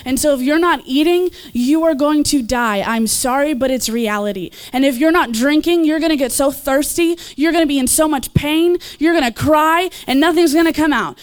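A young woman giving a casual, enthusiastic sermon, chatting with laughs and fillers and jumping up in pitch when she voices others. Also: moderate pace. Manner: animated, leaps in pitch when voicing others. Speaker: speaker at a church gathering.

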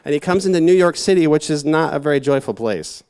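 A man's voice: fairly high pitch, expressive, fast, a little mellow, clean tone. A man giving a casual, rambling sermon to a youth group, full of fillers and self-mocking asides. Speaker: youth church speaker.

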